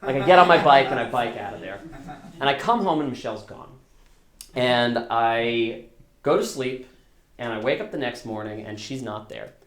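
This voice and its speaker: A man's voice: medium pitch, moderate pace, fairly bright tone, reverberant. A man telling a true story on stage at a storytelling concert, conversational and self-deprecating, with frequent restarts. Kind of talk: live storytelling performance.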